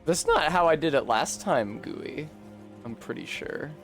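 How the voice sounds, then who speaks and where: A man with a New England accent streaming a game, joking sarcastically, swearing and sometimes shouting in frustration. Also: fairly high pitch, expressive, a little slow, over music. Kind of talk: casual gameplay commentary.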